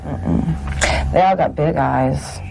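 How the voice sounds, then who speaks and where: A young woman under hypnosis, describing what she sees in a halting, hesitant way. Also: low voice, creaky, background noise. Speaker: hypnosis subject.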